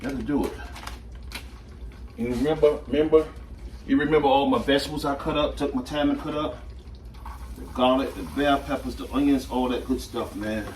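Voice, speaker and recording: A man hosting a casual home cooking video, talking in a relaxed, repetitive way as he works. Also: mid-range voice, moderate pace, long pauses, roomy sound, a little hiss or hum. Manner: chatty and relaxed, repeats himself often. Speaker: home cook and channel host. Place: home kitchen at the stove. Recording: distant mic with loud sizzling from the pan.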